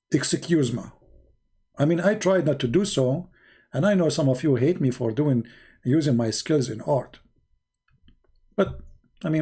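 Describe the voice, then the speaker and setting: Sarcastic man with dark voice. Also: on the high side, breathy edge. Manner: sarcastic, non-native grammar, shifts between loud and quiet. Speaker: online commentator. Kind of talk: mocking commentary.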